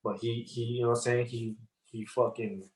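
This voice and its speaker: A man's voice: medium pitch, flat delivery, moderate pace, background noise. A man guest on a podcast, telling a story loosely with lots of slang and fillers. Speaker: rapper guest. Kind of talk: casual interview storytelling.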